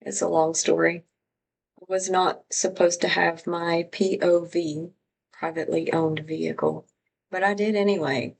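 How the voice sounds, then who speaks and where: A woman's voice: on the low side, fairly even intonation, a little slow, gravelly, breathy edge, low-quality recording. A woman from Louisiana hosting a live stream, chatting casually and rambling as she greets viewers by name.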